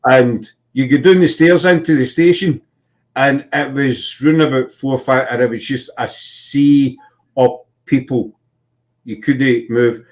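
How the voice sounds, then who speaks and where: A man's voice: mid-range voice, fairly even intonation, measured pace, a little mellow. A man with a Scottish accent, hosting a casual chat and telling rambling anecdotes.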